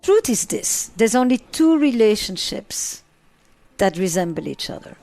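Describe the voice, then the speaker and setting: A woman's voice: mid-range voice, sing-song, unhurried, creaky, a little mellow, faint music behind. A middle-aged woman psychotherapist answering interview questions, driving points home with repeated phrases and lists.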